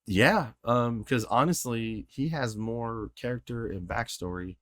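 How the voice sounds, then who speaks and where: A man co-hosting a casual podcast, talking excitedly about movies, with lots of fillers and swearing. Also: mid-range voice, measured pace, dry recording, studio quality. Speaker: podcast co-host.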